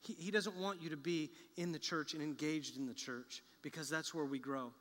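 A man preaching a sermon as a pastor to a large church congregation, talking conversationally and with humor, and building to bursts of excitement. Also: fairly high pitch, moderate pace. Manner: conversational and joking, with rising excitement. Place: large church sanctuary with a balcony. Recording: echoey large church hall.

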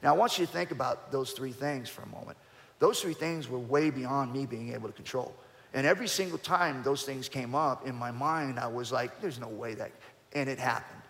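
Animated man telling a story in a reverberant hall. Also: fairly quick, creaky. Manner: animated storyteller, frequent restarts, jumps up in pitch and loudness when excited. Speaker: interview guest, former fighter. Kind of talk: storytelling in a conversational interview.

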